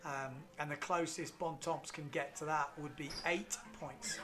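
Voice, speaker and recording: A man's voice: fairly high pitch, a little slow. Chatty man commentating a race. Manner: relaxed, chatty, reads out results with fillers. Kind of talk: live sports commentary.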